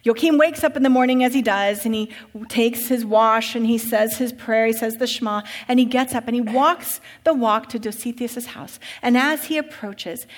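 A woman preacher tells a story in a vivid, expressive sermon, her voice sitting fairly high. A long church reverb hangs behind every phrase. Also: normal speed.

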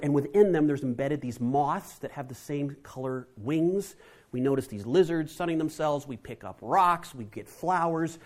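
Animated male storyteller with a lively voice. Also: fairly high pitch. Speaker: speaker. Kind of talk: storytelling talk to an audience.

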